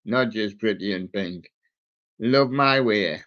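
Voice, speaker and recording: Over dull lo-fi audio, a man running a live music stream makes playful chatter, cracking jokes and wordplay on song names. His voice leans low with a touch of brightness, and he speaks at a slow pace.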